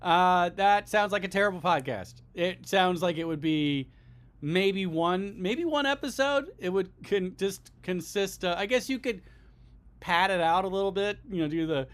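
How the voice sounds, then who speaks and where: High-voiced guy on a comedy podcast, dry, talks himself around. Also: normal speed, smooth. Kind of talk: improvised comedy riffing.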